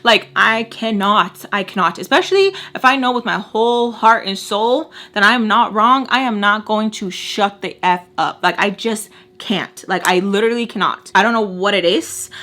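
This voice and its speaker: Animated, blunt woman telling a story. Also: medium pitch. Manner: animated, blunt, swears, mixes in Spanish words. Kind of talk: casual storytime chat.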